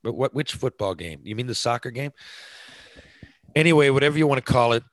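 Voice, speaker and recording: A man's voice: medium pitch, animated, a little fast, no room sound, poor audio. A man talking casually on his podcast, chatty and self-deprecating, with lots of fillers and restarts. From North America. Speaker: podcast host. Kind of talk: casual rambling monologue.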